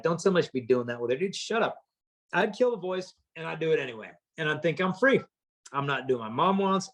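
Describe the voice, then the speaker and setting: A man's voice: medium pitch, husky. A man giving a motivational chastity talk to students, telling stories and acting out the voices of teens. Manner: animated storyteller, acts out voices of teens. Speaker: chastity speaker.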